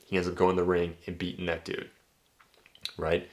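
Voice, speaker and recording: Low-voiced man, dating coach, casual profane monologue. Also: completely flat delivery, normal speed. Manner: blunt and profane, tags points with "right?".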